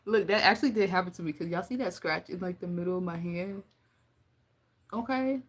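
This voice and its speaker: A woman's voice: fairly low pitch, a little fast. Blunt, laughing woman tarot reader. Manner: blunt, profane and playful, laughing often. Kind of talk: casual tarot reading monologue.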